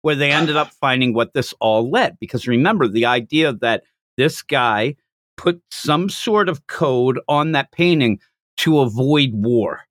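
A man hosting a podcast, casually recapping a manga chapter in a jokey, animated way. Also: medium pitch, no echo, studio quality. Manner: animated, jokey retelling with quick acted quotes. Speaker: podcast host.

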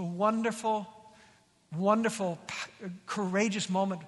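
A man preaching a sermon as pastor, conversational and animated, acting out quoted lines. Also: high voice, normal speed. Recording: long reverb of a large hall.

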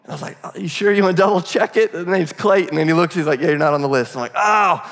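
Male pastor, forties, casual storyteller from the pulpit, slightly high voice, echo of a large hall. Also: fast talker, vocal fry. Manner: storytelling, conversational and animated. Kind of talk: sermon. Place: church auditorium. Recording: long hall reverb.

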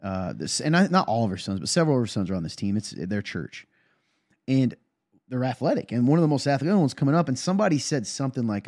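Pastor guy in casual chat, animated stories, quick pace, dead dry sound. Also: mid-range voice, no room sound. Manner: animated storyteller, quick and emphatic. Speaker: pastor and podcast co-host.

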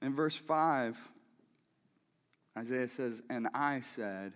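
A man preaching a sermon in a church, talking in a lively, conversational way with frequent restarts and repeated words. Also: mid-range voice, takes it slowly, in a large hall. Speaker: pastor. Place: church sanctuary.

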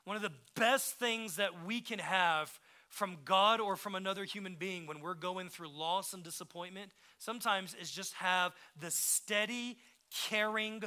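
A high-pitched male pastor preaches a passionate sermon, swinging between hushed, tender moments and emphatic peaks. His delivery is full of conversational asides and quick restarts.

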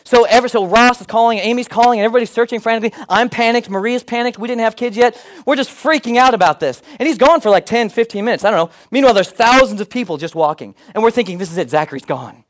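High-voiced animated male pastor. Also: fast, few pauses, low-quality recording. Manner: animated, humorous storytelling with put-on voices. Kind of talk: sermon.

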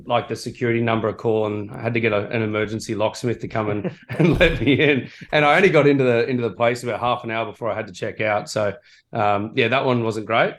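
A man's voice: medium pitch, steady tone, fast. A man and former rugby player, telling a story in casual podcast chat, rambling and self-mocking with easy laughs, over a remote call.

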